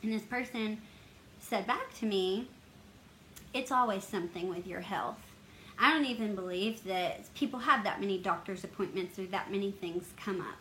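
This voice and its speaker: A woman's voice: medium pitch, moderate pace, fairly bright tone, slight background noise, poor audio. A woman, a health advocacy vlogger telling a personal story in an earnest, emotional, open way.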